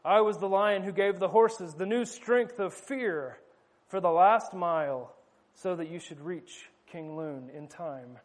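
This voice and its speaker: A man voicing a wise, solemn male lion in a read-aloud story, speaking slowly and gravely in a hushed tone. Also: high voice.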